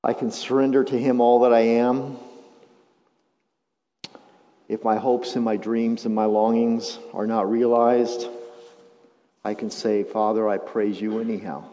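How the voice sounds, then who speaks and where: A man delivers a sermon in a church sanctuary. He drops to quiet, reflective stretches and then climbs into loud, emphatic runs. His voice sits mid-pitch and rings with long hall reverb, captured on a slightly muffled recording. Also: level tone, moderate pace. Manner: swings between quiet reflection and loud emphatic build-ups. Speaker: pastor.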